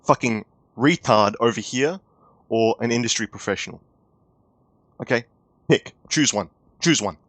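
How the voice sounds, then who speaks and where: A man's voice: medium pitch, unhurried, pauses often, fairly bright tone, dry recording. A young man giving a heated, profane commentary rant with exasperated outbursts. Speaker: YouTube commentator.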